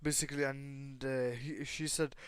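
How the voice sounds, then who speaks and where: A man's voice: medium pitch, flat delivery, moderate pace, clear, resonant tone, no room sound. A young man improvising a fan story, rambling with constant fillers, restarts and casual swearing.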